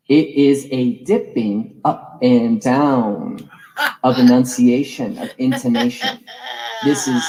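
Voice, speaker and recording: A man's voice: medium pitch, dark tone, low-quality recording. A man giving a reflective, digressive lecture as a course teacher, musing over the roots of words.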